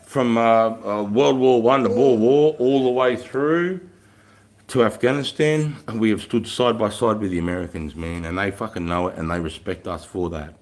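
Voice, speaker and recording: A man's voice: fairly low pitch, moderate pace, darkish tone. An Australian man in his thirties, chatting casually on a livestream, telling rambling stories and swearing freely. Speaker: livestream guest. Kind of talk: casual chat.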